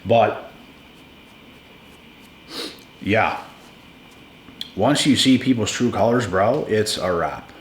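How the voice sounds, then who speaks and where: A man's voice: lowish voice, expressive, extremely slow, long pauses, reverberant, slight background noise. A man giving blunt, emphatic relationship advice in a casual monologue to his viewers. He repeats words for stress and calls listeners "bro".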